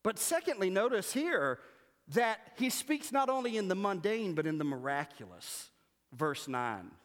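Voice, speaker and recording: Animated high-voiced man preaching in echoey hall. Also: a little slow. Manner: animated, humorous, mimics voices. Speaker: pastor. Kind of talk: sermon. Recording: long reverb of a church hall.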